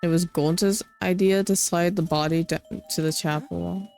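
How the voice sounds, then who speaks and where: Girl reading out a big soft-hearted guy, simple broken talk, says his own name, quiet, faint game music. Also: on the low side, fairly even intonation, moderate pace, gravelly. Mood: remorseful. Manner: broken simple grammar, speaks of himself by name. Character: huge gentle simple-spoken young man, remorseful.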